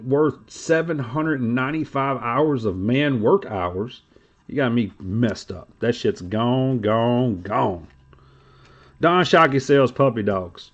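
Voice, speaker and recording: A middle-aged man, hosting a casual livestream chat and telling stories in a blunt, profane, animated way. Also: medium pitch. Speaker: livestream host. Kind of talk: casual card-collecting talk. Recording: dull lo-fi stream audio.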